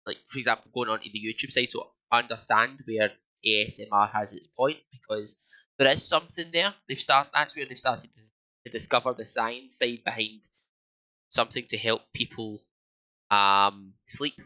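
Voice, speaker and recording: A young Scottish man co-hosts a casual podcast chat, rambling with lots of fillers and restarts. His mid-range voice is bright and forceful, fairly even in intonation and at normal speed, captured on a low-quality recording.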